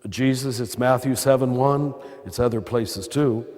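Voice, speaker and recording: A man's voice: mid-range voice, measured pace, darkish tone. An older man with an American accent and a throaty voice, giving a conversational spiritual talk with wry asides as a priest. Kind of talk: spiritual talk to a live audience. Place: large cathedral. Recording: long cathedral reverb.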